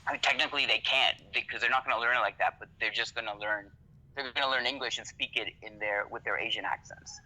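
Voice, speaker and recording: A man's voice: medium pitch, fast talker, sharp tone, low-quality recording. A man from Canada, a podcast guest talking casually, swearing freely and often checking "you know what I mean". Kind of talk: casual conversation.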